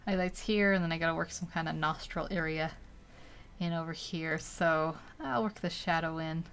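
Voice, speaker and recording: A woman's voice: sits low, normal speed, a bit bright, slight background noise. A young woman casually narrating as she paints a digital portrait, chatty and rambling, laughing often between thoughts. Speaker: digital art streamer.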